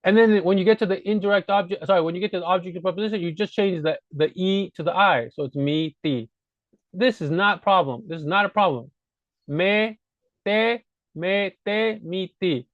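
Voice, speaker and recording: A man's voice: fairly high pitch, no room sound, highs cut off. A man teaching a grammar lesson in a casual, explanatory way, often correcting himself and checking in with "right?". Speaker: Spanish teacher. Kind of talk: screen-recorded grammar lesson.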